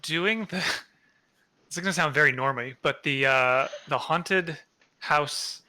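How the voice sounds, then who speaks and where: A man in a casual stream chat, halting and self-conscious, with stumbling restarts. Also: on the high side, pushed and bright, dry recording.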